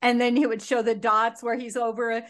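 Reflective woman podcast host, higher voice. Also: little pitch movement, fairly quick. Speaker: podcast host and recovery coach trainer. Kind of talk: conversational interviewing.

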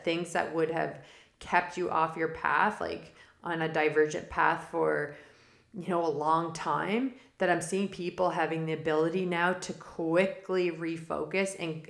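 Low, gravelly-voiced woman, rambling. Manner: rambling and digressive; laughs often mid-sentence. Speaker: podcast host giving spiritual forecasts. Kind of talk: casual spoken monologue. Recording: roomy echo.

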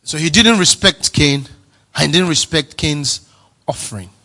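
A male pastor preaching a sermon, emphatic and repetitive, swinging from soft to near-shouting. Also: fairly high pitch, lively intonation, normal speed.

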